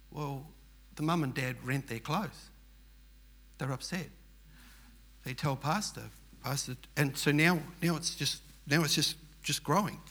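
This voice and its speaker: A man's voice: a little high, fairly bright tone, breathy edge. An older man with an Australian accent, telling a personal story in an earnest, rambling, emphatic way. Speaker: churchgoer telling his story.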